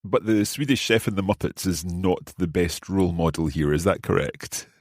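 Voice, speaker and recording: A man hosting a language lesson podcast as the learner, asking curious questions and slowly repeating new phrases. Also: low voice, dry recording, studio quality. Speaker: host and learner.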